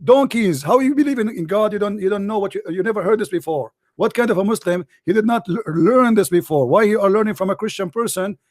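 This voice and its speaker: A man with a high voice hosts a heated call-in debate, hoarse from talking. He mocks and scolds his callers and repeats himself. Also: fast talker, hardly any pauses. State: losing his voice. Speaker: debate show host.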